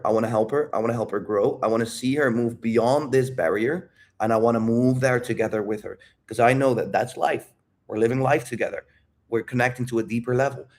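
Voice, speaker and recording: A man talking candidly about dating and his emotions, rambling and calling the listener "dude". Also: medium pitch. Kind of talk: casual talk.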